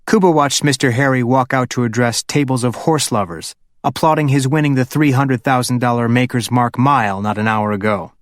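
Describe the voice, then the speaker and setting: A man's voice: mid-range voice, normal speed, no room sound. Man narrating, dry close sound. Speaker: audiobook narrator. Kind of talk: scripted audiobook narration.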